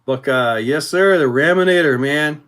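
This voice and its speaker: Male livestream host, pitched a bit high, easygoing and rambling, talks through viewer comments. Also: moderate pace, clean tone. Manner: rambling, relaxed, many fillers. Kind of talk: casual livestream chat reading viewer comments.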